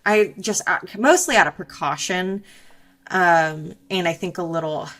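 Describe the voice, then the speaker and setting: A young woman speaks as an interview guest, recounting a hard personal experience. Her voice sits a little low, and she talks candidly and reflectively, with frequent fillers. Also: unhurried, fairly bright tone.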